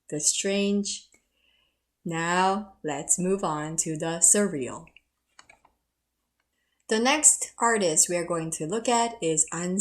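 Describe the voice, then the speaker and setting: A middle-aged woman giving a history lecture and telling personal stories, laughing at herself now and then. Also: medium pitch. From South Korea. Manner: warm, storytelling, laughs at herself.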